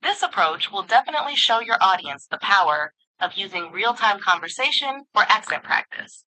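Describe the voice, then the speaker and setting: A woman's voice: medium pitch, sing-song, moderate pace, pushed and bright, rough recording. A synthetic woman's voice of an AI assistant, speaking in a polished, upbeat and affirming way. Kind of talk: synthetic conversational assistant speech.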